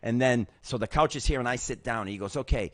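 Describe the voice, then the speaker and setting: Talking fast in a mid-range voice, this middle-aged host recounts his own recovery on his show with raw emotion and plenty of swearing. He animates the retelling by performing the other voices himself, recorded with no room sound.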